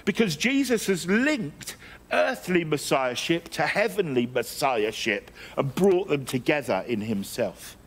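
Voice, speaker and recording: English guy preaching, middle-aged, tells stories w/ jokes, kinda high voice, trips over his words a bit. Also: very animated, a little slow, husky. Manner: storytelling with self-deprecating humour and frequent restarts. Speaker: guest preacher. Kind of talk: sermon.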